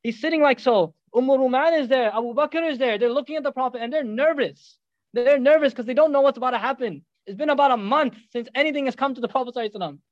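A high-pitched man speaks quickly in an animated sermon, moving through the story with joking asides to his listeners. The recording is dull and lo-fi, with a dry sound. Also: no echo. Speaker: preacher.

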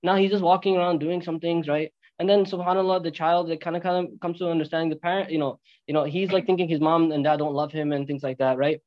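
Man, Islamic preacher, storytelling sermon, rhetorical questions, rapid delivery. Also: a little high, lo-fi sound. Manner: animated, rhetorical questions, Arabic religious phrases.

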